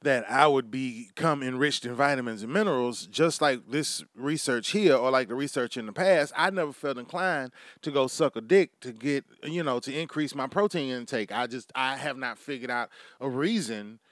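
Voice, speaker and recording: A man's voice: mid-range voice, moderate pace, hardly any pauses, a bit bright, no room sound, clean studio sound. A man hosting a comedy monologue, brash and crude, riffing with mock asides to an imagined crowd. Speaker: comedy podcast host.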